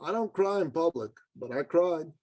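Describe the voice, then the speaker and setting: A man speaking as a podcast guest, telling an earnest story in an animated way, his voice jumping high for emphasis. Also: normal speed, no echo, dull audio. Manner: earnest, addresses host as brother. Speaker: podcast guest, business consultant.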